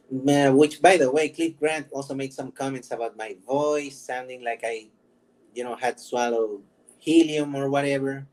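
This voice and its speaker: A man's voice: medium pitch, steady tone, measured pace, a little mellow, poor audio. A man hosting his own channel, chatting casually, rambling, laughing often and joking about himself. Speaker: vlog host. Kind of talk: casual chat.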